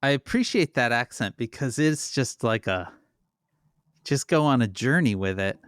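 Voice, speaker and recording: A man's voice: mid-range voice, animated, moderate pace, fairly bright tone, no echo, studio quality. A man co-hosting a podcast, teasing and playful in casual chat. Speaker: podcast co-host.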